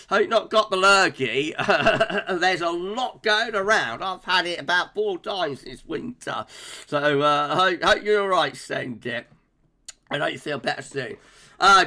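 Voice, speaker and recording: A man's voice: a little high, bright, forceful tone. A man hosting a weather livestream, chatting casually with viewers, often laughing and using lots of fillers. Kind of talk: casual livestream chat reading out viewer comments.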